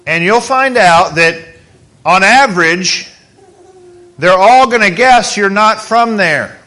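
A man's voice: high voice, expressive, takes it slowly, bright, forceful tone. A man preaching a sermon as pastor, in a conversational way, asking the congregation questions.

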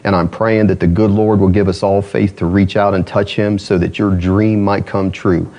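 Animated man preaching a sermon. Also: normal speed. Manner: animated preaching, rising high on emphasis, drops low to tell a story. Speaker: pastor.

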